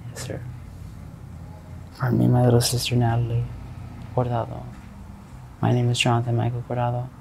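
Man, 20s, interviewee: halting, repetitive storytelling, gravelly tone. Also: mid-range voice, monotone, mellow, slight background noise, low-quality recording. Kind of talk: street interview. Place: outdoors on a city street.

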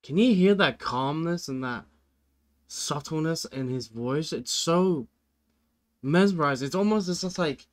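A man's voice: fairly high pitch, expressive, measured pace. A man hosting a music reaction video, chatting casually and earnestly, rambling with lots of "like" and "you know".

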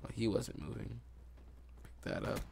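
A young man giving excitable live commentary over his own video game play, recorded on a desktop microphone at home. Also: on the low side, moderate pace, creaky, a little hiss or hum. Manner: excitable, reacts aloud to the game. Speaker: gaming YouTuber. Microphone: desktop USB mic.

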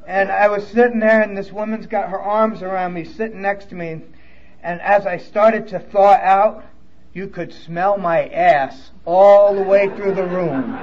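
High-voiced man with a New York accent. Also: steady tone, measured pace, a little mellow, highs cut off. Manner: emotional, candid storytelling with blunt profanity. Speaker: recovery speaker. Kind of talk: personal testimony at a conference. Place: conference hall.

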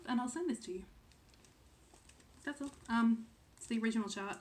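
A woman's voice: a little high, moderate pace, a little mellow, slight background noise. A woman in her thirties from Australia chatting casually to camera as a cross-stitch vlogger, full of "um"s and second-guessing herself. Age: 30s.

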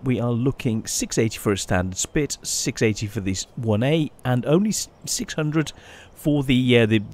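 A man giving casual, chatty gameplay commentary as a channel host, often pausing and restarting his sentences. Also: medium pitch, lively intonation, a little mellow. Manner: chatty, halting, many restarts and fillers.

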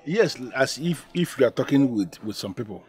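An actor with a Nigerian accent playing an earnest, doting young husband in a film, speaking in a halting way. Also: male voice, mid-range voice, lively intonation, natural voice. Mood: puzzled. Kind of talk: Nollywood film acting.

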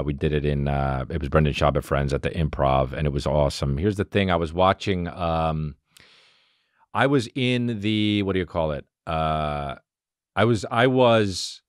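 A man hosting a podcast, telling rambling stories in a profane, animated, casual monologue. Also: very deep voice, normal speed, smooth, no echo, studio quality. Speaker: podcast host.

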